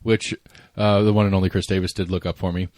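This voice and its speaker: A man's voice: low-pitched, flat delivery, fast, a little mellow, no echo. Rambling man, dry close mic. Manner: rambling, repeats words, swears casually. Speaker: podcast co-host. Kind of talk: casual chat.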